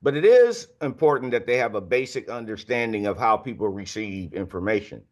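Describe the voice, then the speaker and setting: Speaking a little fast in a lowish, animated voice, a man in his sixties tells stories as a guest author on a podcast. His candid anecdotes come out loose and conversational, full of fillers.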